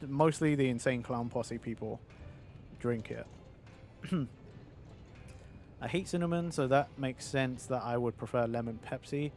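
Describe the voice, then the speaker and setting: A man's voice: medium pitch, darkish tone. A British man streaming a game in casual chat, rambling, swearing and answering his viewers.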